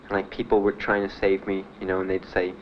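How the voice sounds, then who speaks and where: A man being interviewed about his time in the service, telling his story in a halting, plainspoken way with many fillers. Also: low voice, monotone. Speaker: veteran interviewee. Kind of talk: documentary interview. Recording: dull archival recording with faint hiss.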